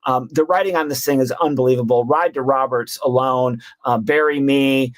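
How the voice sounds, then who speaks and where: A man's voice: medium pitch, steady tone, normal speed. A man on a panel, ranking his favorite albums of the year in a rambling, enthusiastic way full of ums and restarts. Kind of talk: casual roundtable chat.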